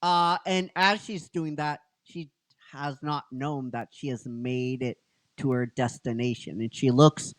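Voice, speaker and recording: A man's voice: medium pitch, fairly even intonation, unhurried, dry recording. A man hosting a casual podcast chat, recapping a story he wrote in a rambling way, full of fillers and "right?". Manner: rambling, filler-heavy, keeps asking "right?". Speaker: podcast host and episode writer.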